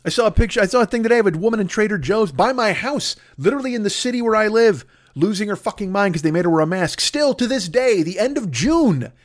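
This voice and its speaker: A man's voice: sits high, animated, fast talker, few pauses. A man hosting a comedy podcast, ranting in a rambling, profane, exasperated way. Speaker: podcast host. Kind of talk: comedic rant.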